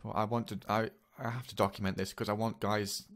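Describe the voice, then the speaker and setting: A man telling a personal story in a confessional vlog, speaking haltingly and earnestly with many repeats. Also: lowish voice, flat delivery. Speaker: vlogger.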